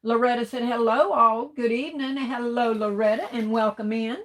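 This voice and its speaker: A woman runs a casual livestream, reading out her viewers' comments one after another. She greets each person by name and calls them baby, honey or darling. Her voice sits a bit on the high side. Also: steady tone, moderate pace, fairly bright tone, poor audio. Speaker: livestream host.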